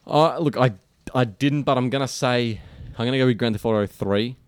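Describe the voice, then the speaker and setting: A man's voice: medium pitch, brisk, smooth, no echo, studio quality. A man co-hosting a casual podcast chat, loose and joking. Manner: joking, loose, reads lyrics in a mock accent. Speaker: podcast co-host.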